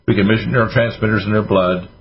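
A man's voice: on the low side, fairly even intonation, fast talker, creaky. A man hosting a radio health talk show, rambling through advice with sarcastic asides. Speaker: radio host doctor. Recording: dull lo-fi radio audio with faint noise.

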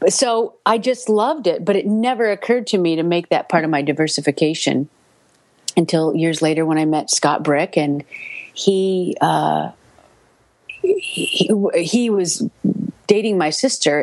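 A middle-aged woman, a voice actor, telling stories in a casual interview, lively and laughing, repeating words when excited. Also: lowish voice, no echo. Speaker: voice actor guest.

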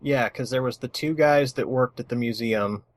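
A man's voice: medium pitch, normal speed. A man co-hosting a podcast in casual chat, laid-back and dry-humored. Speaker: podcast co-host.

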